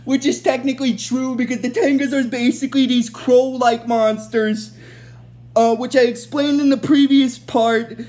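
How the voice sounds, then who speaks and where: A woman's voice: high-pitched, steady tone, normal speed, dark tone. Rambling woman recapping a show. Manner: rambling, many fillers and restarts. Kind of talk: casual episode recap.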